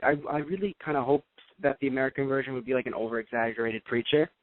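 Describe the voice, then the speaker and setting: A young man hosting a casual review chat, rambling and animated. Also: medium pitch, quick pace. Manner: animated, rambling, slips into mocking impressions. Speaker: podcast host. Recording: dry, tinny phone-like sound.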